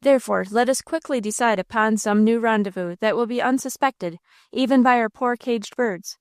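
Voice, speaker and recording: A woman's voice: on the high side, moderate pace, clean tone, no echo, studio quality, natural voice. A woman voicing a bold, blustering male robber captain who gives orders to his gang. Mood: commanding. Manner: blustering, rousing, theatrical.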